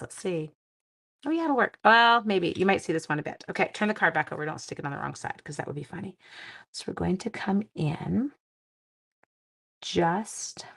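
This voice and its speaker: A woman's voice: fairly low pitch, a bit bright. A chatty middle-aged woman leads a live crafting demonstration. She talks to viewers as she works with her hands and keeps drifting into family anecdotes before getting back to the steps. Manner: chatty, rambling, digresses into family stories. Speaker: crafting class host. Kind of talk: live-streamed card-making demonstration.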